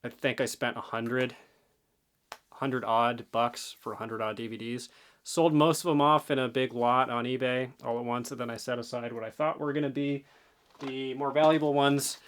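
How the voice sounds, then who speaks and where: A man's voice: mid-range voice, fairly even intonation, normal speed, fairly bright tone, slight background noise. A man talking casually to the camera as a reselling vlogger, offhand and rambling, a bit out of breath. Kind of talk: casual vlog talk.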